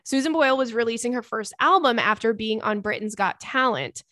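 A young woman hosts a podcast, chatting casually and reading listener messages with profane, animated asides and quick put-on voices. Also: on the high side, dry recording, clean studio sound. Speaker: podcast host.

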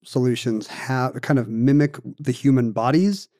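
A man's voice: medium pitch, moderate pace, mellow. A man co-hosting a casual podcast, chiming in with playful, jokey remarks. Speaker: podcast co-host. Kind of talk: casual chat.

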